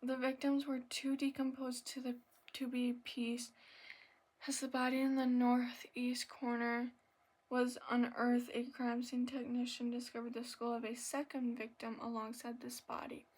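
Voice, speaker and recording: A woman hosting an ASMR video, reading aloud softly, stumbling over words and apologizing, now and then dropping into a whisper and a little out of breath. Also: a little high, monotone, unhurried. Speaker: ASMR channel host.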